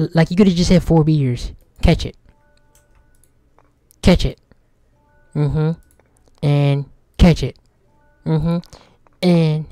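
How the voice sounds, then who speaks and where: A man's voice: fairly high pitch, dark tone, dry recording, clean studio sound. A young man giving casual let's-play commentary, joking and talking back to the game's characters. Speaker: gaming streamer.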